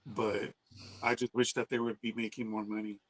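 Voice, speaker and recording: A man's voice: lowish voice, little pitch movement, moderate pace, low-quality recording. Blunt, cursing man in casual chat. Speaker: podcast co-host.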